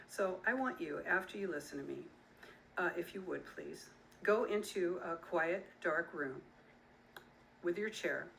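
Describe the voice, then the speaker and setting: A woman's voice: lowish voice, vocal fry, pushed and bright, slight background noise, low-quality recording. A middle-aged woman, an author and activist, speaking earnestly and emphatically straight to her listeners. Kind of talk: direct-to-camera talk.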